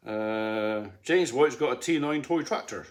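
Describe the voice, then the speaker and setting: A man's voice: medium pitch, measured pace. A middle-aged man, a farmer, chatting on a live stream from his lounge at home, with rambling, dry teasing humour. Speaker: farmer and channel host. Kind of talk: casual live-stream chat.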